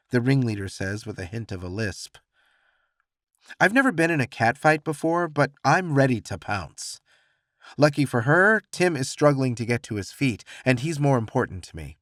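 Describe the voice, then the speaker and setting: A man reads a first-person romance audiobook in a mid-pitched voice with lively, expressive inflection. His storytelling feels reflective and intimate. The recording is close and dry, with no room sound. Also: normal speed, no room sound. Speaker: audiobook narrator.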